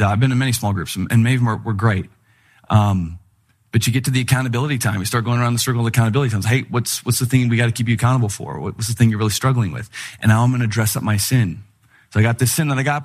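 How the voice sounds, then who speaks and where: A middle-aged man preaching a sermon in a conversational, humorous style, telling animated stories. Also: mid-range voice. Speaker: pastor.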